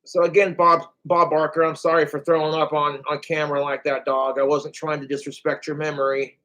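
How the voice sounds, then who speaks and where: A man's voice: on the high side, little pitch movement, brisk, bright, forceful tone. Rambling, cursing man vlogging to camera. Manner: rambling, cursing, groaning and sighing. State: in pain from a hurt toe. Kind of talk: casual rambling vlog to camera.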